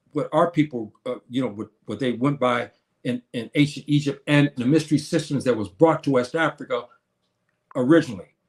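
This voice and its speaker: Earnest man hosting a casual live show. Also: mid-range voice. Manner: earnest, hesitant, many restarts, calls listeners brother and sister. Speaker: show host answering viewers. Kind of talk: casual livestream talk.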